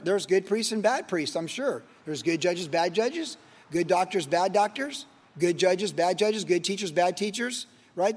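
A man teaching verse by verse as a pastor, reading scripture and then talking it through casually with fillers and rhetorical questions. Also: high voice. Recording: long hall reverb.

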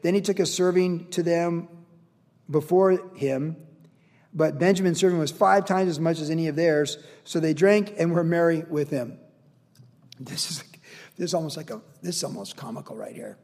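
A man's voice: on the high side, moderate pace, darkish tone, long reverb tail. A man pastor teaching verse by verse through a Bible passage in an earnest, conversational and emotional way, with rhetorical questions.

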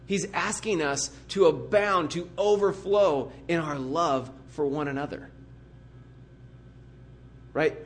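Earnest, higher-voiced man preaching a sermon. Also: slow, pauses often, a little hiss or hum. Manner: earnest, emphatic, builds vivid everyday illustrations. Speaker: pastor. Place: church.

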